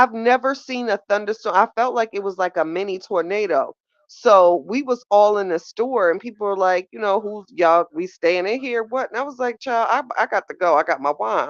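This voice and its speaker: A woman's voice: lowish voice, dry recording, muffled recording. A woman hosting a live call-in chat, talking casually and giggling with her listeners, calling them child and baby.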